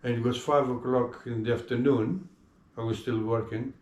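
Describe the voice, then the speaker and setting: A man's voice: medium pitch, fairly even intonation, normal speed, a little mellow, reverberant. An older man with an accent, telling long stories from his working life in an interview and acting out the voices of people he quotes. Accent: non-native English accent. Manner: anecdotal storyteller who acts out quoted voices. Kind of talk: relaxed reminiscing interview.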